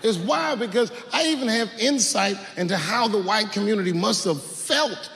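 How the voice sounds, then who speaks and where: A man in his forties performs stand-up live from a large theater stage into a handheld mic, his voice gravelly and full of swooping pitch. He drawls through his stories in low mutters, then leaps into high, incredulous yelps. A long hall reverb and faint crowd ambience hang behind him. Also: lively intonation, normal speed, a bit bright, a little hiss or hum. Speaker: stand-up comedian. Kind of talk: stand-up comedy routine.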